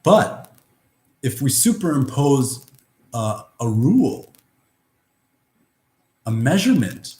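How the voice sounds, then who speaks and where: A man's voice: medium pitch, big pitch swings, slow, long pauses, darkish tone. A man giving a rambling, philosophical monologue, blunt and profane, with many restarts. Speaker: vlogger. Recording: roomy echo.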